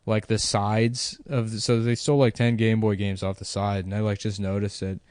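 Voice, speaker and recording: Podcast co-host, man, lowish voice, rambling comic storyteller, dry studio sound. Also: flat delivery, normal speed, darkish tone, clear, resonant tone, no echo. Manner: rambling, profane, laughs at own jokes. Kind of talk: casual comedic storytelling.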